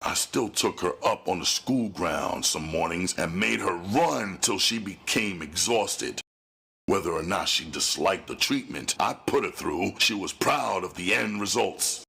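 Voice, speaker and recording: Deep gravelly male audiobook narrator. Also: lively intonation, measured pace, sharp tone. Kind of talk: dramatic first-person audiobook narration.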